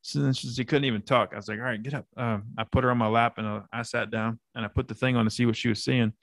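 A man co-hosting a podcast, telling an animated story in casual banter and swearing freely. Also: mid-range voice, fast, no room sound, studio quality. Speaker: podcast co-host.

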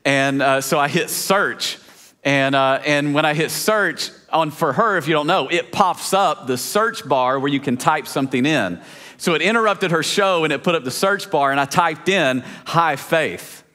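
Casual storytelling pastor, fairly high voice. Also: male voice, normal speed. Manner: casual, chatty, many fillers and restarts; lively storyteller, laughs along. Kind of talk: storytelling sermon.

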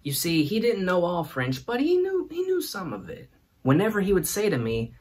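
A man's voice: sits high, huge pitch swings, moderate pace, darkish tone, husky. A man hosting a comedic monologue, teasing and playful in his delivery. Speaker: host.

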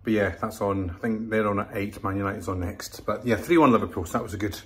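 A man's voice: on the low side, fast, husky. Chatty man vlogging outdoors. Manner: chatty, addresses viewers as folks. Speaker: travel vlogger. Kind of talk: casual travel vlog.

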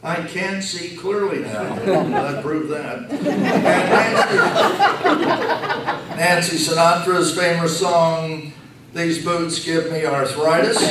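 A man giving a slow, joking farewell speech at a retirement reception, telling stories with punchlines. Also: fairly high pitch, a loud crowd, very noisy. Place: banquet room. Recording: echoey room from far off.

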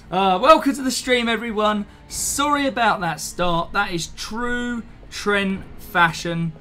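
A live streamer, chatting casually, excitable and flustered, laughing often. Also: medium pitch, slow pace, soft background music.

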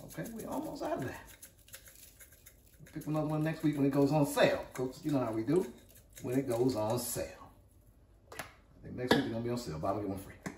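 A fast-talking man with a medium-pitched, darkish voice, recorded with slight background noise. He's the energetic, chatty host of a casual cooking video, repeating catchphrases to viewers as he moves from a home cooking area to an outdoor backyard grill. The camera sits far off, so the sound echoes.

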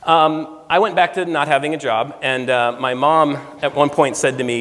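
A man in his forties from the United States, a guest speaker telling stories in a lively way and acting out the dialogue. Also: fairly high pitch, normal speed, few pauses. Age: 40s. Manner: lively storyteller, acts out quoted dialogue. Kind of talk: storytelling talk. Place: lecture room. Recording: reverberant lecture hall.

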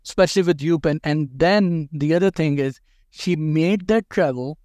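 A man's voice: on the high side, normal speed, a little mellow, no echo, studio quality. A man hosting a conversational interview, asking questions and giving direct advice, often repeating words for emphasis. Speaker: host interviewing a dental school applicant.

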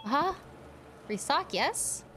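A woman streaming a horror game in casual chat, jumpy and quick to scream. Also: high-pitched, sing-song, sharp tone, faint music behind. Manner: jumpy, prone to sudden screams.

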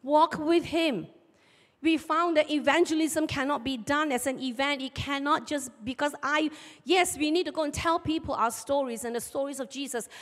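High-voiced woman preaching in reverberant hall. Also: moderate pace. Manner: animated storyteller, acts out shouted market dialogue. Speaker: pastor. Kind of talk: sermon with personal stories. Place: church sanctuary. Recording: long church hall reverb.

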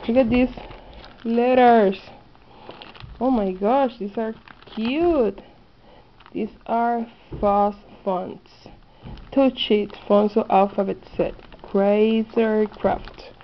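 Woman vlogger, gushing over a haul; slow delivery, dull lo-fi camera sound with faint hiss. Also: on the high side. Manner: excited, gushing, slightly non-native phrasing. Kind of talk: casual haul video. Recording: dull lo-fi home video audio.

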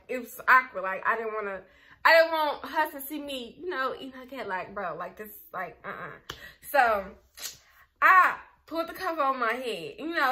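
Young woman vlogger telling a casual storytime, high bright voice, animated delivery. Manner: candid, animated retelling with lots of filler words.

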